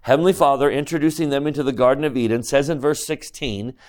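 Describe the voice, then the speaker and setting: A man at a middle pitch leads a scripture lecture. He keeps questioning his listeners and moves between quiet, reflective asides and emphatic climbs. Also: fast. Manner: questions the class directly. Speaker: religious teacher.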